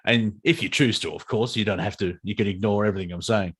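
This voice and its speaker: A man's voice: on the low side, fast talker, breathy edge. A man with an Australian accent, co-hosting a casual comedy chat in a rambling, profane, self-mocking way. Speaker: co-host, comedian and audiobook narrator.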